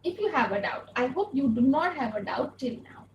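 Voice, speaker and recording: A woman's voice: high-pitched, sing-song, normal speed, roomy sound, a little hiss or hum, poor audio. A woman teaching an online grammar lesson, patiently repeating key points and asking rhetorical questions, speaking through an earphone mic. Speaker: English teacher.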